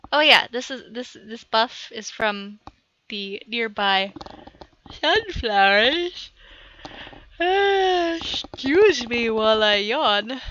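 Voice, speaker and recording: Woman walking thru a game tutorial, bit high voice, rambly and chatty, dull lo-fi sound. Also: pushed and bright, slight background noise. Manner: chatty, self-narrating, talks aside to her cat. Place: at home at a computer.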